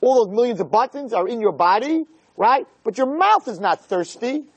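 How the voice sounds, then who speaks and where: A man giving an animated Torah lecture as a rabbi. He repeats key phrases, asks rhetorical questions, and swings from low murmurs to near shouts. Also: moderate pace, slightly rough. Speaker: rabbi teaching a Torah class.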